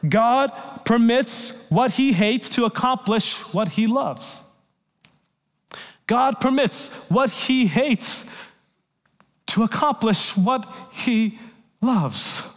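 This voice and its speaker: A male pastor preaching an earnest sermon, telling stories and dropping to a soft, hushed voice when he quotes people. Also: high-pitched. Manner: earnest storytelling preacher, drops to soft near-whispers for quotes. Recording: long hall reverb.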